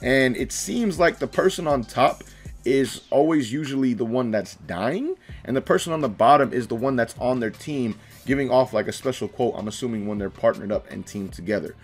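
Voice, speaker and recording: Young male gaming vlogger, casual and slangy, reading quotes and reacting loudly, mid pitch, music under. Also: moderate pace. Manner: animated, slangy, reacts with emphatic outbursts. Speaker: gaming YouTuber.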